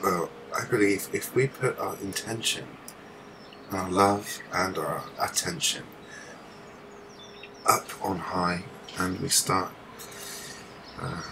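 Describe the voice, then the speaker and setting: A man with a lowish voice gives meandering live commentary outdoors. He swears casually and often leaves sentences unfinished. Loud outdoor noise presses in around his voice. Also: steady tone, takes it slowly, gravelly, long pauses. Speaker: livestreamer filming the sky. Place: outdoors under the sky.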